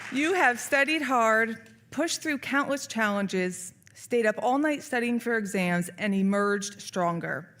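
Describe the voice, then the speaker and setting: A woman's voice: mid-range voice, fairly bright tone. A middle-aged woman, a nursing faculty member, giving an earnest, emotional, inspirational speech at a ceremony in an event hall.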